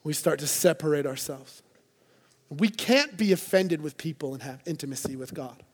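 A man's voice: a little high, animated, moderate pace. A man preaching a sermon to a church congregation, earnest and conversational, with playful asides. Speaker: pastor.

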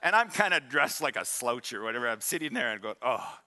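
Bright-voiced older man preaching. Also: mid-range voice, fast talker. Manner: animated, joking storyteller who prompts the congregation. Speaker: pastor. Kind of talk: sermon.

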